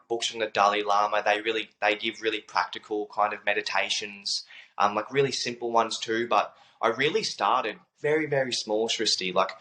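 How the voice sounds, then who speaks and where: A man's voice: fairly low pitch, bright, forceful tone, poor audio. A young man telling a personal story as an interview guest, earnest and reflective, repeating phrases and using many fillers.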